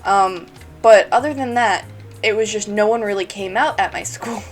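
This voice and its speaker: A woman's voice: medium pitch, normal speed, soft background music. A woman telling a storytime vlog in a chatty, giggly way, laughing between phrases. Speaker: YouTuber.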